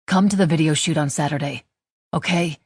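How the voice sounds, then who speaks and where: A woman voicing a gentle, reassuring young male rock drummer in an audiobook, talking softly and coaxingly. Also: sits low, brisk, breathy edge, no room sound, clean studio sound.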